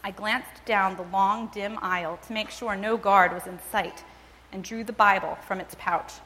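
A woman's voice: medium pitch, fairly even intonation, sharp tone. Woman reading aloud in a reverberant hall. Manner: measured, dramatic storytelling. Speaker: reader and speaker. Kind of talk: expressive first-person book reading. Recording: long reverb, as in a large hall.

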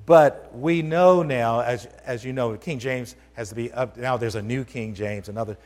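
A man delivers a sermon in a church sanctuary, speaking in a conversational but emphatic way. He often turns questions to the congregation. His voice sits at a middle pitch for a man, and it carries a long hall reverb. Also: moderate pace. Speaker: pastor.

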